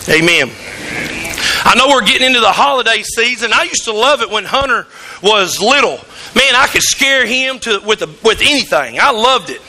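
High-pitched gravelly preacher. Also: male voice, expressive, fairly quick, slight background noise. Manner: folksy storytelling, rising to shouts. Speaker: pastor. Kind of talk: sermon. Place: church sanctuary.

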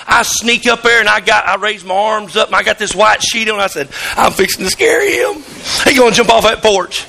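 A middle-aged man, preaching a sermon in a church, telling folksy stories and rising to shouts. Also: sits high, brisk, vocal fry. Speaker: pastor. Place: church sanctuary.

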